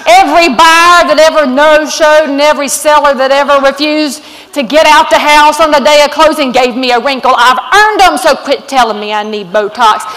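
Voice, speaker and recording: Southern woman, high voice, blunt and folksy, booming hall reverb. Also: normal speed, a bit bright. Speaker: conference speaker. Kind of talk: fiery motivational keynote. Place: large conference hall. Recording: long hall reverb from stage.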